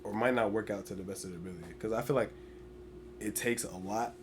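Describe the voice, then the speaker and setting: A young man on a podcast, telling stories in casual chat with lots of filler words and animated retelling. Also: on the low side, fast, background noise. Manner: animated storyteller, heavy "like" filler. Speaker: podcast guest.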